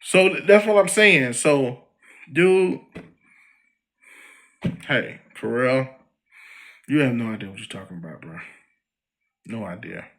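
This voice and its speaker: A man's voice: mid-range voice, measured pace, long pauses. A man hosting a podcast, giving a slangy, heated commentary monologue aimed at a public figure. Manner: slangy and animated, addressing a celebrity directly. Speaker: podcast host.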